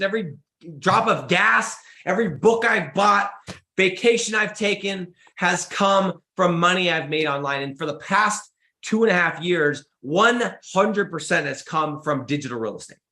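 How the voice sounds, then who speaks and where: A young man hosting a podcast, delivering an excitable motivational monologue with lots of emphatic repetition. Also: high voice, reverberant. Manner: excitable, emphatic, repeats words when pumped. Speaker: podcast host.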